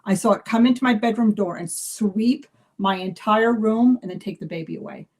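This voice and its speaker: Chatty woman telling animated stories. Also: medium pitch, moderate pace. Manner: animated storyteller acting out dialogue; chatty with many fillers and restarts. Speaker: psychic medium. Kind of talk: casual live video chat.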